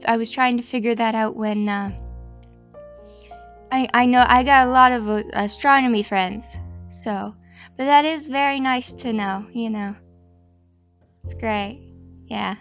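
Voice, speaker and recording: Young female host, fairly high voice, casual self-deprecating chatter over faint background music. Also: a little slow, long pauses, fairly bright tone. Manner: chatty, self-deprecating, meandering with frequent restarts. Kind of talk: casual rambling chat.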